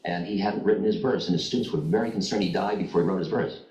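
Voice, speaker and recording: Very deep-voiced man telling stories in an echoey hall. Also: quick pace, slight background noise. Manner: wry, candid, conversational, with gentle humor. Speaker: spiritual teacher. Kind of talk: spiritual talk with storytelling. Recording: echoey, distant, dull archival lecture tape.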